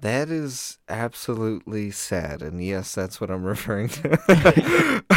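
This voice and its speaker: A man's voice: on the low side, huge pitch swings, slow pace, no room sound, studio quality. A man co-hosting a casual podcast, playful and teasing, laughing often. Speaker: podcast co-host. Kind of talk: casual chat.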